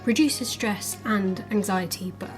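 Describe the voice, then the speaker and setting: Young English woman, vlogger, chatty and earnest, mid-pitch, faint music bed. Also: measured pace. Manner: chatty, earnest, with small laughs. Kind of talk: casual talk to camera.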